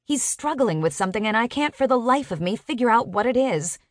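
A woman narrating a first-person romance audiobook in an expressive, sharp-tongued storytelling manner. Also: on the high side, brisk, no room sound, clean studio sound.

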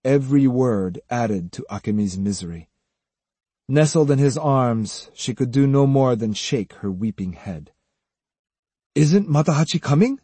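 A man reading a novel aloud as audiobook narrator, in a measured, even way, close to the mic. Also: medium pitch, no room sound. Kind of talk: scripted narration.

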